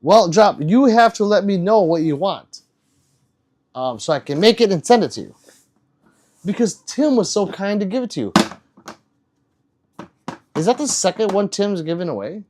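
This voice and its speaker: A man's voice: high voice, sing-song, normal speed, pauses often, darkish tone. A man livestreaming, reading out chat messages and teasing viewers in a loose, rambling, joking way.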